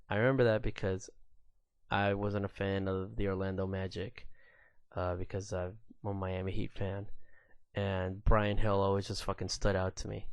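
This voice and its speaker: A man in his thirties tells stories on his own podcast in a low, unhurried voice. He talks loosely and swears freely, stopping often on fillers. The sound is dry and close to the mic. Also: clear, resonant tone, no room sound. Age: 30s. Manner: loose and profane, with many fillers. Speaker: podcast host. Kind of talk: casual solo storytelling rant.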